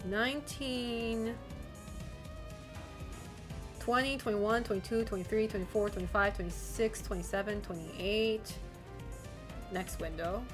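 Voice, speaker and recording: A woman's voice: mid-range voice, normal speed, music in the background. A woman streaming live, chatting casually with her viewers, giggling often and swearing now and then. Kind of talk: casual livestream chat.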